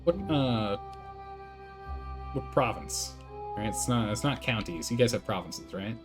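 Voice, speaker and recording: A man's voice: fairly low pitch, lively intonation, a little slow, over music. A man casually commentating his building game on a live stream, thinking aloud, answering chat and laughing often.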